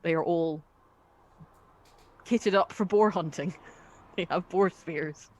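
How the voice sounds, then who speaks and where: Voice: mid-range voice, takes it slowly, darkish tone, highs cut off. A game master running a tabletop game in a chatty way, laughing between descriptions.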